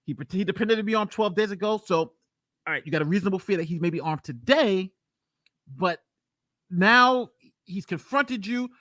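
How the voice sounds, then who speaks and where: A man, a lawyer, giving blunt, emphatic reaction commentary and thinking out loud about a trial. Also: high-pitched, lively intonation, moderate pace, dry recording.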